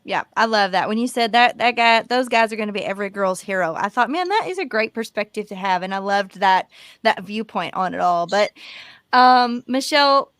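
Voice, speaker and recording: A woman hosting a podcast, warmly affirming her guest and asking reflective questions. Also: mid-range voice, normal speed, smooth, dry recording, studio quality. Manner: encouraging, affirming listener. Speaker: podcast host. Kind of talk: casual interview chat.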